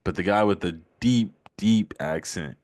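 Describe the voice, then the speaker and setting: A man's voice: deep voice, unhurried, a little mellow, no echo. A man hosting a casual live stream chat while painting, laid-back, laughing often and repeating himself. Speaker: livestream host.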